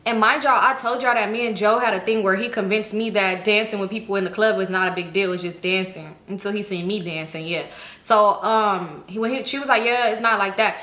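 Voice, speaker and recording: A woman telling a personal story in a casual vlog, animated and full of profanity. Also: medium pitch, fairly quick. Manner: heavy cursing, animated retelling. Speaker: storytime vlogger. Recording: roomy echo.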